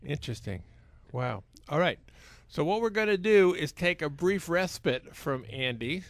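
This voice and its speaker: Radio host guy, slightly high voice, wry quips, dead dry studio sound. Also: expressive, unhurried, no room sound. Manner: wry, dry-witted interjections. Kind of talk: radio talk show hosting.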